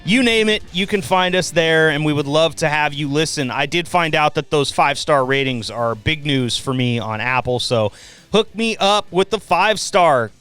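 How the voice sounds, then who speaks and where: A man's voice: a little high, animated, normal speed, fairly bright tone, smooth, faint music behind. A man hosting his own podcast, chatting casually, joking, swearing and laughing often. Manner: loose, profane and laughing. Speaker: podcast host. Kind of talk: casual chat. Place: home podcast room at night.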